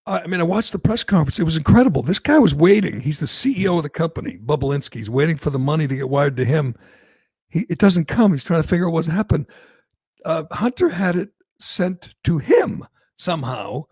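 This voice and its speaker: A man hosting a talk show, talking in a casual, opinionated and animated way. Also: a little high, a little fast, slightly rough, no echo, studio quality. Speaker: radio talk show host.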